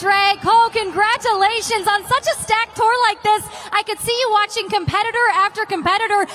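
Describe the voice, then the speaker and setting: High-voiced upbeat trackside interviewer woman. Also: a bit bright. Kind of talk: event interviewing.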